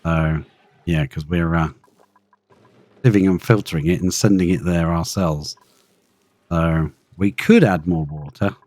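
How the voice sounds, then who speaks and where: A man's voice: sits low, steady tone, measured pace, pauses often, a little mellow, no room sound. A man giving chatty live gameplay commentary, thinking aloud and talking to the creatures in his game. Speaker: streamer playing a colony-building game.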